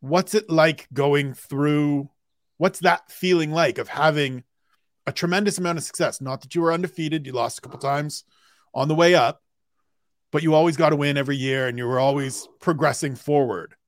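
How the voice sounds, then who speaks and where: A man's voice: fairly high pitch, normal speed, no room sound, clean studio sound. A man hosting an interview podcast, asking long, conversational questions. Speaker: podcast host.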